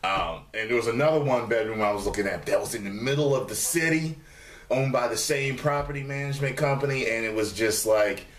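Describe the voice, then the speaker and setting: Brisk and medium-pitched, a man records a casual vlog from the dining room of his studio apartment, where the sound is reverberant. He's profane and animated, putting on a raised voice to mock his commenters.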